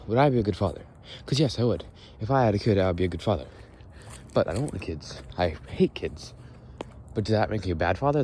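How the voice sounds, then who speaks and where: A young man talks his way through a walk-and-talk podcast with a low, mellow voice. He rambles bluntly, curses freely and restarts his sentences. Faint outdoor street noise sits behind him. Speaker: podcast host. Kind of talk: casual walk-and-talk monologue.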